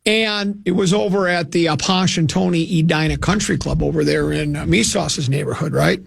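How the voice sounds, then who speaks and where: A man's voice: on the high side, moderate pace, gravelly, slightly rough, no room sound, studio quality. An older man from hosting a radio show, telling a rambling, self-mocking anecdote with many restarts. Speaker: radio host.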